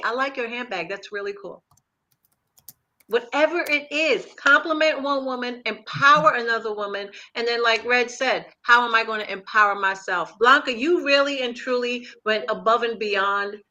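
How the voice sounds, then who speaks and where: A woman co-hosting a talk show, animated, telling anecdotes and building on others' points. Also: on the high side. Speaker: co-host. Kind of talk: casual talk-show conversation.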